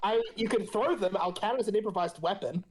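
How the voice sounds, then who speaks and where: A man running a tabletop game as game master, casual and laughing, with halting restarts. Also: high-pitched, a crowd in the background.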